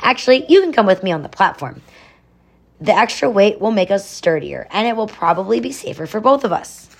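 A woman's voice: medium pitch, sing-song, brisk, gravelly, pitched above the performer's own voice. Woman voicing a confident young girl, upbeat, breezy, storybook character.

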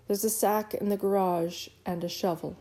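A woman's voice: medium pitch, steady tone, mellow, natural voice. Woman doing a stern, exasperated mother. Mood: deliberate. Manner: slow, emphatic, spelling things out.

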